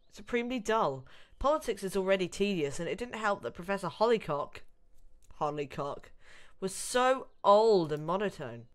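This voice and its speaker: A woman's voice: medium pitch, fairly bright tone. A British woman reading as a sassy college girl. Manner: exasperated, chatty. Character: young female college student, president's daughter, sassy. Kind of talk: reading a visual novel aloud.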